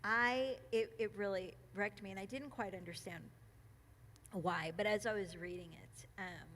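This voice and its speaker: A woman speaking at a church gathering, reading a passage and reflecting on it, emotional and quick to laugh, with many ums and restarts. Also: mid-range voice, steady tone, fairly bright tone, slight background noise. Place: church meeting room.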